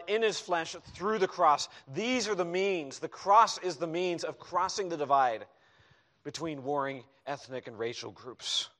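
Emphatic male preacher with a higher voice. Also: normal speed. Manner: emphatic preaching with sudden soft asides. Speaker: pastor. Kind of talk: sermon. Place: church hall.

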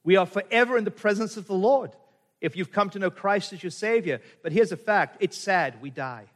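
Man, middle-aged, high voice, from Canada, pastor, sermon, rhetorical questions. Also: a little fast. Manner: preaching with rhetorical questions and quoted scripture.

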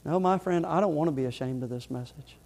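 A middle-aged male pastor preaching a sermon in church, impassioned, rising loud and falling soft. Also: fairly high pitch, quick pace, creaky, big-room sound. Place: church sanctuary.

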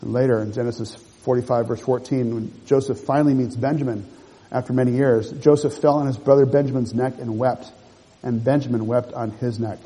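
A man gives an earnest sermon, speaking in short phrases and reading scripture between his comments. His voice is mellow and a little husky. A long reverb trails behind him. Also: mid-range voice, fairly even intonation, brisk. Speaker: preacher.

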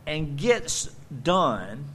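A man preaching a sermon as pastor, swinging from loud emphatic bursts to quiet conversational asides. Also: fairly high pitch, big pitch swings, drawn-out words, slight background noise.

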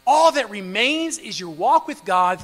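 A male pastor delivering a fervent sermon in a high-pitched, sharp voice. He hammers on rhetorical questions, dips into soft, hushed stretches, and then rises to forceful emphasis. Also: sing-song, unhurried, long reverb tail, faint music behind, poor audio. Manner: swings between loud emphasis and low hushed passages.

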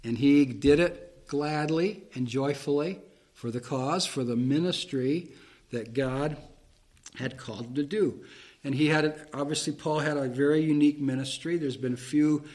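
A man's voice: fairly high pitch, moderate pace, a little mellow. A man preaching a Bible-teaching sermon, reading verses aloud and explaining them plainly, with fillers and restarts.

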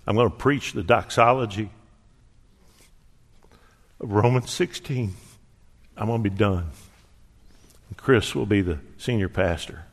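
Pastor, man in his sixties, low voice, lively storytelling sermon, long hall reverb. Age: 60s. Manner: storytelling, animated, folksy humor.

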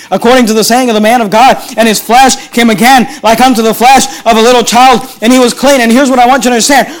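Pastor, male, very high voice, emphatic sermon delivery with repeated phrases and acted-out scripture voices.

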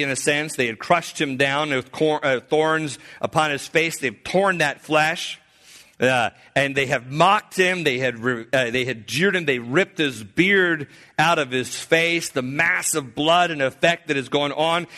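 A man preaching a sermon, swinging between loud, emphatic lines and hushed, slowed passages, often restarting his sentences. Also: medium pitch. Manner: earnest, with frequent restarts and filler.

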